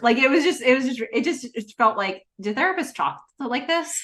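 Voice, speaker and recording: Woman, podcast co-host, casual chat, lively swooping pitch, laughs often, fillers. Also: a little fast, hardly any pauses. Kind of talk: casual chat recapping a TV show.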